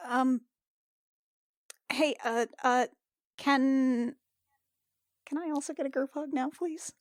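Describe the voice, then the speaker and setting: A woman playing a tabletop game talks slowly and hesitantly, often breaking into laughter. Her voice sits fairly high. The sound is close and dry. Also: fairly even intonation, no echo. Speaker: player.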